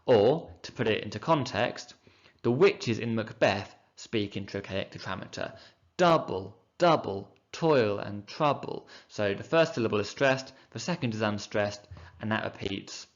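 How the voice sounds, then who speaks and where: In this recorded revision lesson for exams, a male English teacher speaks at normal speed in a lowish voice with lively intonation. He patiently walks through poetic meter, voicing the rhythms aloud, while the audio has its highs cut off.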